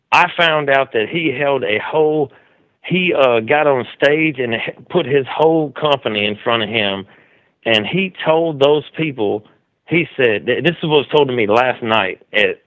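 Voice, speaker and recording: Excitable man telling a story. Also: medium pitch, no room sound, narrow, tinny audio. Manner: loose, excitable storytelling with many restarts and "dude". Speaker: call-in show host. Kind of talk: casual rambling commentary. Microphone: studio mic with mixer.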